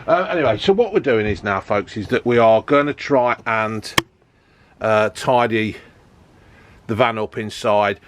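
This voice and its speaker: A man's voice: lowish voice, unhurried, background noise. A man chatting casually to camera about his camper van build, joking and filling gaps with ums and uhs. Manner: chatty, joking, lots of fillers.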